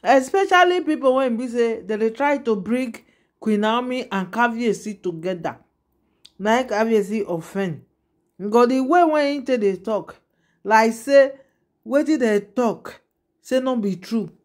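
A woman's voice: fairly high pitch, a little slow. A woman speaking in a Nigerian Pidgin accent, giving casual gossip commentary to her viewers and often turning to them with asides. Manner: chatty, addresses viewers directly with repeated asides. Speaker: gossip vlogger.

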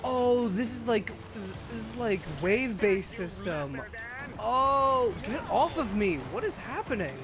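A man giving casual, excitable gameplay commentary, often breaking into laughter and shouting at the game. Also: extremely high pitch, a little slow. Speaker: gaming video creator. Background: game music.

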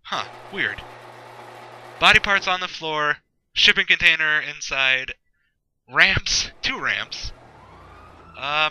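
A man's voice: a little high, pushed and bright, a little hiss or hum, rough recording. A man giving rambling, sarcastic gameplay commentary, swearing often and talking to himself as he plays. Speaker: gameplay video host.

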